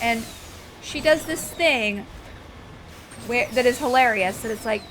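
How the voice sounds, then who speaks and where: A woman's voice: high voice, expressive, measured pace, long pauses, a bit bright, slight background noise. A woman chatting casually while she streams a video game, telling stories and reacting to the play. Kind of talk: casual chat while gaming.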